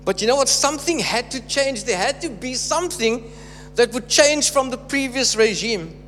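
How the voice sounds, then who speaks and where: A man's voice: extremely high pitch, lively intonation, moderate pace, fairly bright tone. A man preaching a sermon, emphatic and repeating phrases for stress. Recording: reverberant hall with faint hum.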